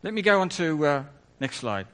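A man's voice: on the high side, big pitch swings, moderate pace, fairly bright tone. A man preaching a conversational sermon in church, full of asides and self-corrections.

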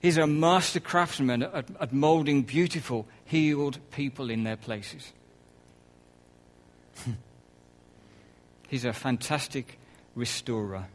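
A man preaching a conversational sermon, with soft laughs and quiet asides. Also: mid-range voice, slow, long pauses, a little hiss or hum, low-quality recording.

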